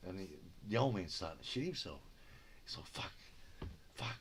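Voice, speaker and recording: A man's voice: low-pitched, very animated, quick pace, background noise. A man with an Australian accent telling rambling stories in a casual chat, swearing freely and acting out what people said. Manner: rambling, swears freely, acts out quoted dialogue. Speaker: storyteller.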